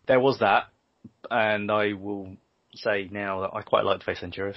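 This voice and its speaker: A man's voice: fairly low pitch, fairly even intonation, measured pace, dry recording. A man co-hosting a casual podcast, sarcastic and sweary, often breaking into laughter. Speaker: podcast co-host. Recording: dull lo-fi dry recording.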